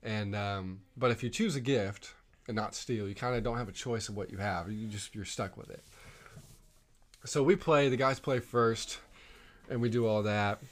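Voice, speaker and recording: A man's voice: on the low side, normal speed. Chatty man telling a rambling story. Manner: rambling storytelling with many fillers. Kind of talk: casual chat storytelling.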